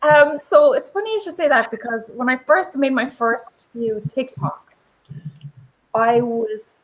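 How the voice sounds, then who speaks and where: A woman's voice: a little high, measured pace, rough recording. A woman from Ireland with an Irish accent, chatting casually as an interview guest, laughing and acting out quotes as she goes. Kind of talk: casual conversation.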